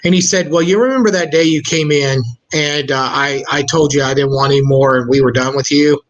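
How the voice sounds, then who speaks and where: A man's voice: on the high side, fairly even intonation, a little fast, rough recording. A man hosting a podcast, telling an anecdote and acting out the voices of the people in it. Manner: acts out the voices in his anecdotes. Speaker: podcast host. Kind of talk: casual interview storytelling.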